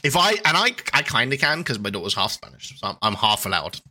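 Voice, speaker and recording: A man co-hosting a podcast in casual chat, laughing often. His pitch swings widely, and his voice has a bright, forceful edge. He sounds playful and animated. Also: a little fast. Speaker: podcast co-host.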